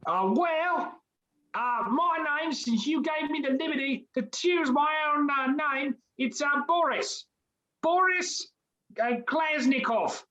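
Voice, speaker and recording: A woman's voice: sits high, lively intonation, takes it slowly, a bit bright, dull audio, exaggerated voice. A woman voicing a cheerful, obliging male creature, with a put-on British accent that slips toward Australian, in an improv comedy scene. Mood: cheery. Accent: put-on British, drifting to Australian. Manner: chatty, drops casual fillers, playful.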